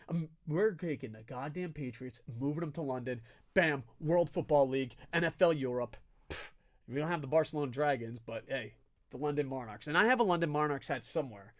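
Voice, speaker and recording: Podcast co-host, male, higher-pitched, fired-up and foul-mouthed, jumps from shouting to muttering. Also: normal speed. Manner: profane, excitable ranting; swings between loud shouting and low mutters. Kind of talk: casual sports chat.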